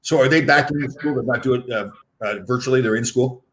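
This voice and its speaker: A man's voice: medium pitch, steady tone, brisk, a bit bright. A man in his fifties hosting a casual interview, rambling with lots of fillers and restarts. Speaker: podcast host.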